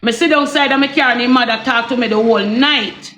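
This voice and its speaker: A Jamaican woman telling a story in casual patois, animated and repetitive, often asking the listener if they understand. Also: a little high, quick pace, roomy sound, a little hiss or hum. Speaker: storyteller vlogger.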